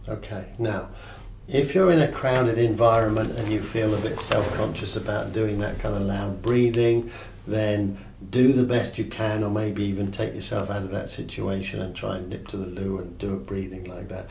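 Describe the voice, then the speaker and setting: A man teaching a breathing technique as a mindfulness coach, calm and checking in often with his listener. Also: on the low side, moderate pace, gravelly, recorded from a distance, slight background noise. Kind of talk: guided breathing lesson. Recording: echoey room, voice off-mic, faint ambience.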